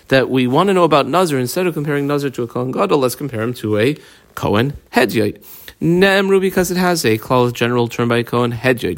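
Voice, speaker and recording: Gravelly man teaching Talmud. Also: mid-range voice. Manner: mixes Hebrew-Aramaic terms with English, explains step by step. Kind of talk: daf yomi Talmud lesson, casual explanation.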